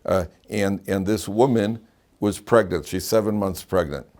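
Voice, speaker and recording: A man's voice: lowish voice, measured pace, a little mellow. A man, a rabbi teaching a Torah class, who tells jokes and anecdotes and often repeats his phrases. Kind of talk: classroom lecture.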